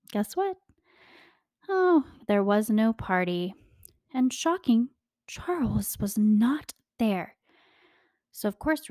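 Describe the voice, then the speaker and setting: Young woman, podcast host, casual true-crime chat, animated, laughs often, dry close sound. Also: medium pitch, no room sound. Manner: chatty, animated, laughs often, addresses listeners as "you guys".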